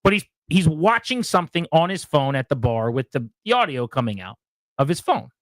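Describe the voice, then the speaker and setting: A male radio host chatting casually and telling an animated story, acting out other people in loud, high bursts. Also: fairly quick, dry recording, studio quality.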